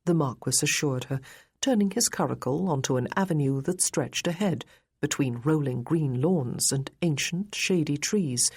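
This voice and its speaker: A woman narrating a period romance novel in a measured, even storytelling manner. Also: low-pitched, slightly rough. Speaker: audiobook narrator.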